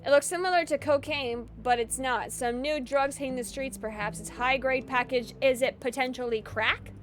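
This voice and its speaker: A woman's voice: high voice, moderate pace, a little hiss or hum. A young woman streaming a game, chatting casually with viewers, laughing often and swearing freely. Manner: bubbly, giggly, swears casually, reads on-screen text aloud. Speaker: gaming streamer. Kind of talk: casual live-stream chat and gameplay.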